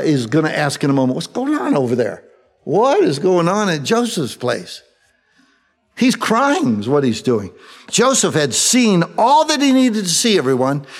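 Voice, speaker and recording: A man's voice: high voice, big-room sound. A male pastor teaching a verse-by-verse Bible sermon in a conversational way, acting out the quotes. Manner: conversational, animated, acts out quotes.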